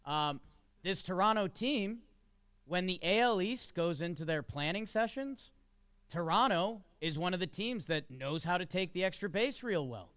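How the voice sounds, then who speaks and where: A man's voice: high-pitched, animated, moderate pace, fairly bright tone, clean tone, dry recording. A man co-hosting a podcast, talking sports casually and chattily with jokes and fillers. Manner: chatty, jokey, with many fillers. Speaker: podcast co-host.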